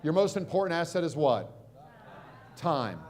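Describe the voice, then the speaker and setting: A middle-aged American man giving a motivational seminar talk, quizzing the crowd and swinging from loud punches to hushed moments. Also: fairly high pitch, big pitch swings, a little slow. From United States. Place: stage at a live seminar.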